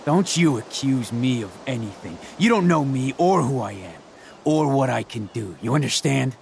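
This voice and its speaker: An actor playing a suspicious, volatile man in a video game who turns menacing and yells. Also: mid-range voice, lively intonation, normal speed, creaky, slight background noise. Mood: threatening. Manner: menacing, erupts into shouting. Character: volatile, suspicious adult male drug dealer.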